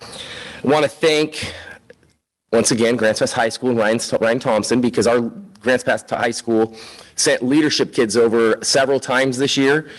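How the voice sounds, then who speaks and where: A man's voice: medium pitch, a little slow, poor audio. A man, an elementary school principal, giving an informal, upbeat spoken report at a school board meeting, with frequent fillers.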